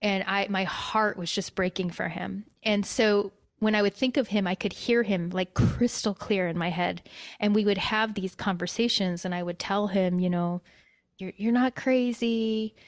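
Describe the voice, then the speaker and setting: A woman's voice: medium pitch, fairly even intonation, moderate pace, no echo, clean studio sound. A young adult woman telling an emotional personal story as a guest, with many fillers and restarts.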